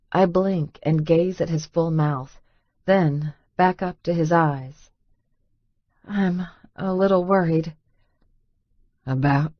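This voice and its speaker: Intimate low-voiced woman narrating romance. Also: no room sound, lo-fi sound. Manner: intimate, breathless inner monologue. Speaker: audiobook narrator. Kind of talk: first-person romance audiobook narration.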